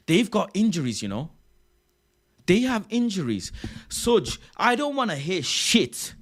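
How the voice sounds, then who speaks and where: An excitable young man streaming a casual chat, his slightly high voice leaping up and down as he repeats himself for emphasis. He talks in an unhurried, drawn-out way and keeps tacking on "bro". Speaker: livestream host.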